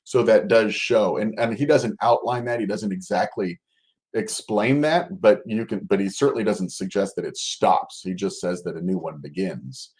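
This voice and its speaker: A man, a guest scholar, explaining ideas in conversation, halting often and restarting his sentences. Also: fairly low pitch, darkish tone.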